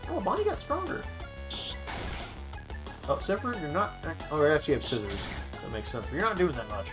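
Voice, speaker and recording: A woman with a low, lively voice streams a story game, reacting out loud and reading its text as she goes. Clear game music plays under her voice. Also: fast. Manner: emotional, exclaiming and laughing at the story. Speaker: gaming streamer. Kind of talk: let's play commentary, reading game text aloud.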